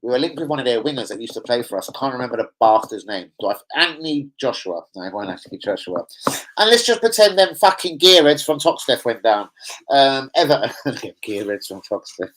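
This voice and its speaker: This young man's medium-pitched voice sounds very animated, brisk and a bit bright as he hosts his football fan stream. The audio is poor. He chats casually, rambling, cursing and leaning heavily on slang.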